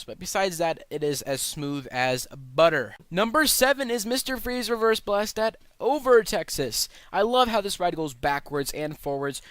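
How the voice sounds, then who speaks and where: An eager young man runs through a casual countdown, rambling and restarting his sentences. His voice sits a bit high for a man and sounds smooth and crisp. It is recorded dry and close to the mic. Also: fairly bright tone, no echo. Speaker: channel host ranking roller coasters.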